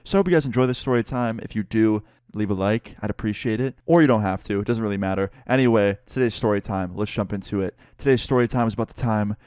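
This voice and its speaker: A man's voice: fairly low pitch, fast talker, few pauses, darkish tone, smooth, no echo, studio quality. A young man casually telling a story-time vlog, laid-back and rambling with many fillers. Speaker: YouTuber.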